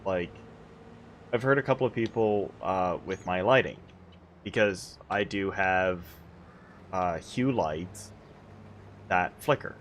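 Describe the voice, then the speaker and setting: A man's voice: low voice, slow pace, long pauses, a bit bright, a little hiss or hum. A man and fellow streamer chatting casually, easygoing and swearing now and then. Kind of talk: casual chat.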